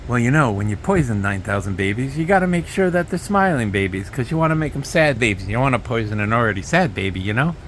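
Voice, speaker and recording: A man's voice: medium pitch, lively intonation, fast talker, few pauses, background noise, close to an everyday voice. A man putting on a mocking impression of a boastful older male politician who brags in superlatives.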